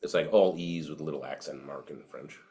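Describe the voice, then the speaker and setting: Man, very deep voice, casual podcast chat, swears easily, lots of fillers. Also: fairly quick, warm tone. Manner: laid-back and profane, with frequent fillers. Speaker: podcast co-host. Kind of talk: casual chat over cigars and whiskey. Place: indoors, home podcast setup.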